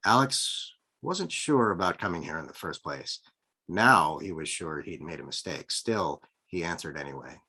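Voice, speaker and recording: A man, the author, reading his own novel aloud over a video call in measured, expressive narration. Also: deep voice. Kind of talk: live book reading.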